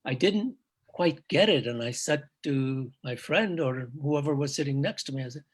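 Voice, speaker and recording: An older man, a native Urdu speaker, telling stories from his past in a reflective, halting way during casual chat. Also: mid-range voice, animated. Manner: reflective storytelling, halting restarts. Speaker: guest, father of the hosts.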